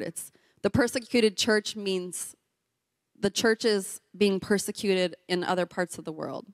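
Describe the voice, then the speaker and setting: A woman's voice: mid-range voice, clear, resonant tone, dry recording, studio quality. A middle-aged woman giving a sermon as a pastor's wife, telling a personal story with laughs and acted-out voices. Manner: animated, laughs often, acts out voices in her story.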